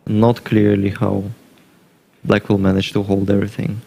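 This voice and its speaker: A man commentating live on a chess game, thinking aloud through variations in a measured way. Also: fairly low pitch, little pitch movement, creaky, mellow, breathy edge.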